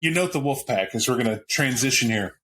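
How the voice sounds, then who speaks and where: A man narrating as game master of a tabletop role-playing game, rambling and animated. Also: mid-range voice, a little fast, a little hiss or hum, poor audio.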